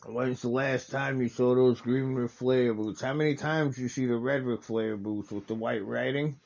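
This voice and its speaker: A man with a gravelly, fry-laden voice gives loose, casual commentary over a wrestling match he is watching. He rambles, corrects himself mid-thought and sounds plainly enthusiastic. The recording is slightly dull and lo-fi. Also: medium pitch, fairly even intonation, moderate pace, a little mellow. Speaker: wrestling watch-along host.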